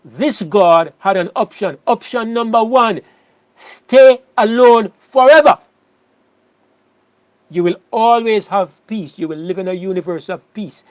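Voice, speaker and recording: A man delivers a sermon in a high voice, stressing key words and circling back over his phrases. The sound is dry and a little muffled. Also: normal speed, few pauses, no room sound. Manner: emphatic, repeats words and restarts phrases. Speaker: preacher.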